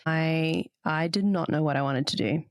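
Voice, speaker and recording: A woman in her thirties with a mixed international accent hosts a podcast in a relaxed, chatty way. Her pitch bounces up on lively moments and she laughs easily. The sound is dry and close. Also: normal speed, no echo. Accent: mixed international, Papua New Guinea upbringing. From Australia. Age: 30s. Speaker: podcast co-host. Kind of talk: casual chat.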